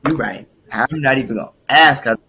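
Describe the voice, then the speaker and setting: A young woman co-hosting a podcast, telling stories animatedly and jumping high in pitch when quoting people. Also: fairly quick, slight background noise. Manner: animated storyteller, swoops high for quotes. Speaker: podcast co-host. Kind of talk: casual chat.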